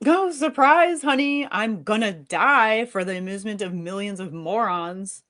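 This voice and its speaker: A woman reading the part of a fed-up young wife and mother, sharp and sarcastic with her husband. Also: medium pitch, expressive, brisk, natural voice. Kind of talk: live fiction reading.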